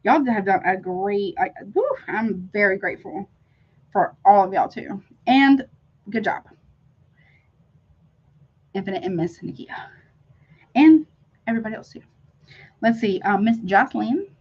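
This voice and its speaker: A woman's voice: mid-range voice, expressive, unhurried, long pauses, husky, lo-fi sound. A middle-aged woman hosting a casual live-stream tarot reading, effusive and chatty, calling her viewers honey and y'all.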